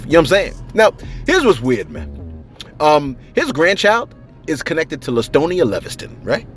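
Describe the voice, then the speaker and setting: In a loose, slangy way, a man comments on celebrity gossip. He sounds animated, with large emphatic swings in pitch for effect.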